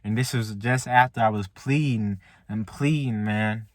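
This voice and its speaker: A man's voice: on the low side, no echo, clean studio sound. A man in a car telling a faith story to his viewers in loose casual talk, tagging lines with "man" and restarting often. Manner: relaxed, repeats "man" and "like" often, halting restarts. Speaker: vlogger. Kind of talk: casual faith testimony to camera. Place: inside a car.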